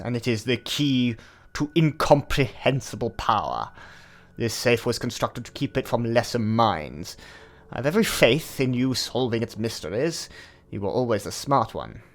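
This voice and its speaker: A man's voice: mid-range voice, close to an everyday voice. A man voicing a mysterious, secretive letter writer in an exaggerated English accent, reading solemnly.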